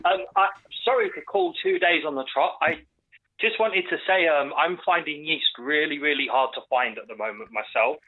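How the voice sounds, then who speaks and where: A man's voice: fairly high pitch, big pitch swings, normal speed. A man calling in to a live chat show, casually explaining things with lots of ums. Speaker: caller. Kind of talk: phone-in chat. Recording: tinny phone line.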